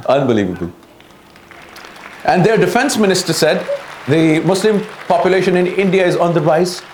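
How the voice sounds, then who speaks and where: A man's voice: a little high, a little hiss or hum. Laughing Pakistani man mocking the news. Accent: Pakistani English. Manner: mocking, laughs through his own jokes. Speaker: host of a satirical news show. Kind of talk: satirical news comedy monologue. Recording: roomy, echoey room.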